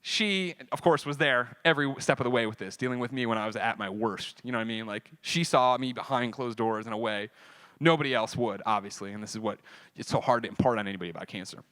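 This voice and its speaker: Bright-voiced man telling a personal story. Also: medium pitch, fast talker. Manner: emotional, swearing, swings from quiet to loud. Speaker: speaker telling his story on stage. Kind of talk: personal storytelling to a live audience. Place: convention stage.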